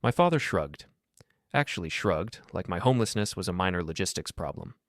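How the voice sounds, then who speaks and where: A man narrating a first-person story in a steady, scripted storytelling voice. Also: low voice, fairly quick, dry recording, clean studio sound.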